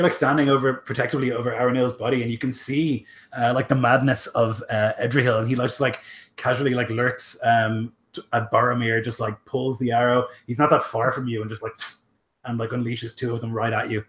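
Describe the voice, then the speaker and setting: A man's voice: medium pitch, flat delivery, a little fast, a bit bright. Rambling man running a tabletop game. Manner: rambling, heavy use of "like" and "um". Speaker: game master.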